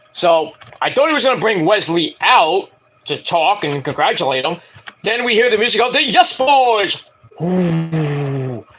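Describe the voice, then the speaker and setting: A man's voice: high voice, bright, forceful tone. A man in his forties reviewing a wrestling show in a casual solo vlog, rambling and joking with many digressions. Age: 40s.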